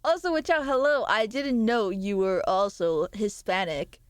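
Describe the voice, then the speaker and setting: A woman's voice: mid-range voice, measured pace, few pauses, clear, resonant tone, dry recording. A young adult woman streamer in casual live-stream chat, bantering with viewers, reading their messages aloud, laughing often and swearing freely.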